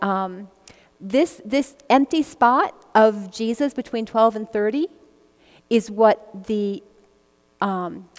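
A woman's voice: medium pitch, a little mellow. Giggly woman teaching scripture, echoey room. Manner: chatty and giggly, laughs between verses. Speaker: Bible study teacher. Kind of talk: casual Bible teaching, reading scripture with commentary. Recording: long echoey reverb.

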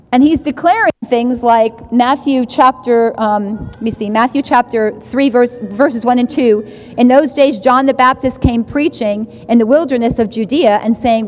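A woman leads a Bible study, reading verses and explaining them in a loose, conversational way, often circling back and checking in with her listeners. Her voice sits a little high, and a long reverb trails after her words as if she is in a large room. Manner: conversational, restarts phrases, asks "right?". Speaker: Bible teacher.

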